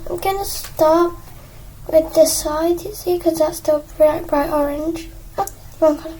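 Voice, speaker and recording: Sitting at her desk indoors, a young woman with a high, mellow voice paints a craft and chats in a rambling, self-mocking way, sometimes slipping into a whisper. An iPad propped on a stool captures low-quality audio with slight background noise.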